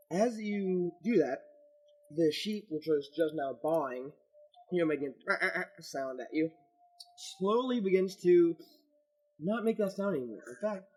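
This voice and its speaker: Man, game master, sore throat, slightly high voice, halting narration. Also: darkish tone, husky, rough recording. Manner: slow, halting narration with fillers.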